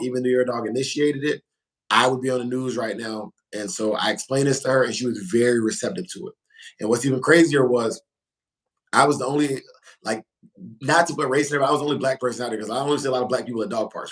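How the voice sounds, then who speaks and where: A man's voice: mid-range voice, low-quality recording. A man hosting a casual livestream, talking in an emphatic, informal way and repeating phrases for emphasis. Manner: informal slangy speech. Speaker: livestream host.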